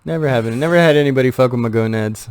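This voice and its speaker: A man's voice: mid-range voice, very fast, a little mellow, clear, resonant tone, dry recording. A young man co-hosting a podcast, bluntly teasing and swearing in casual banter. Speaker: podcast co-host.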